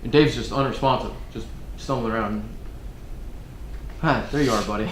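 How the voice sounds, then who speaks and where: Male, thirties, mid-pitched, relaxed rambling storyteller, recorded in an echoey room. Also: moderate pace, background noise. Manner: laid-back, rambling, grows loud and laughing in funny stories. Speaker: military speaker giving a resiliency briefing. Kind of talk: casual storytelling talk to an audience. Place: room with an audience.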